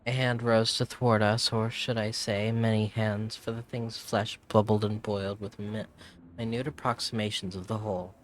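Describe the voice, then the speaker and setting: A man's voice: fairly low pitch, flat delivery, normal speed, slight background noise, lightly acted. A man reading aloud in a put-on British accent as a reluctant female travel writer, theatrical and stumbling over words. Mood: wry. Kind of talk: reading in-game text aloud. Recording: game music underneath.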